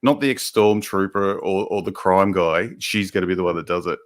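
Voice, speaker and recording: A man's voice: sits low, moderate pace. A man hosting a live show, rambling and sarcastic in casual chat. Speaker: host.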